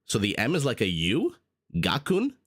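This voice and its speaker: A man on the low side of pitch talks unhurriedly with lively intonation. Streaming live as an esports caster, he commentates a strategy game and chats casually, playful and self-teasing, coughing at times.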